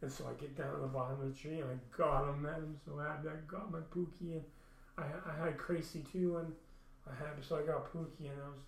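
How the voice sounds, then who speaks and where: A man's voice: a little high, flat delivery, quick pace, vocal fry. Rambling, foul-mouthed man in a roomy space. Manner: rambling, swears freely, many restarts and fillers. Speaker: storyteller. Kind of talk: casual personal storytelling. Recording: roomy echo.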